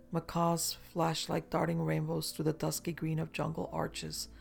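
An audiobook narrator reading a story in a measured, descriptive way, with faint music behind. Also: mid-range voice, vocal fry, a little mellow.

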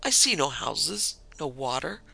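A man reading an audiobook, voicing a lively, eager young French woman traveler. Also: a little high, a little slow, vocal fry, slightly rough, dry recording, full character voice. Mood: insistent. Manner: eager, insistent. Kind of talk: audiobook character voice.

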